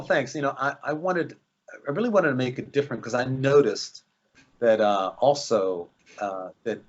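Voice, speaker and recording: Husky guy rambling through an interview, lowish voice, muffled lo-fi sound. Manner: rambling, many fillers and restarts. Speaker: actor guest. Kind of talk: casual interview chat.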